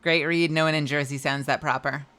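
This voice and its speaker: A woman's voice: sits low, fairly even intonation, brisk, fairly bright tone. A woman in her thirties chatting casually on a live stream, giggly and playful with lots of swearing. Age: 30s. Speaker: livestreamer.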